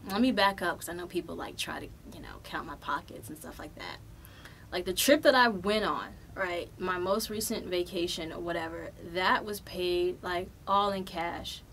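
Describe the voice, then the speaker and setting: A woman's voice: lowish voice, normal speed, slight background noise. Profane, chatty young woman podcaster. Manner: profane, animated, loose and chatty. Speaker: podcast host. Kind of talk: casual storytelling.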